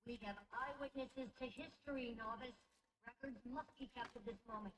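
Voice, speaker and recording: A woman's voice: sits high, fairly even intonation, normal speed, background noise, close to an everyday voice. A voice actress performing game characters, a concerned scribe and a grieving refugee who lost her son. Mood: earnest.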